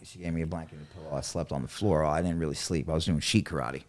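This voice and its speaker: A man from New York telling his story on a podcast, swearing freely and acting out other people's lines with sudden loud jumps. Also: racing. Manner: animated, acts out quotes with sudden loud jumps; swears freely, drops into low mutters. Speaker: podcast guest. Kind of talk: casual storytelling.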